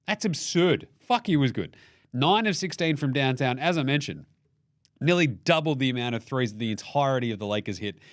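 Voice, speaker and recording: A man's voice: mid-range voice, moderate pace, no room sound, clean studio sound. A man with an Australian accent hosting a casual basketball recap, ranting with a lot of swearing and jokes. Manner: profane, animated, jokey rant. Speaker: basketball show host.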